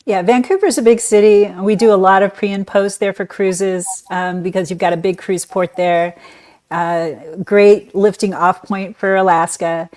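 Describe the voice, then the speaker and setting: A woman with a middle-pitched voice co-hosts a casual travel show. She talks in a relaxed, conversational way and laughs easily. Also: moderate pace. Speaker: co-host, travel agent. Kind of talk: casual chat.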